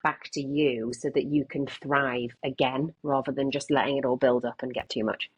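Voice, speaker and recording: A low, husky-voiced English woman in her late twenties speaks frankly as a podcast guest. She rambles through her thoughts with plenty of restarts and the odd casual swear word. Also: steady tone, normal speed, highs cut off. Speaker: guest, content creator. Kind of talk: candid podcast conversation.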